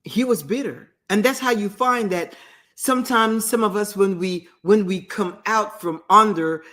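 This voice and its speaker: A talk show host retells a parable conversationally, with restarts and asides along the way. Her medium-pitched voice is unhurried and a bit bright, picked up by a streamed talk show mic.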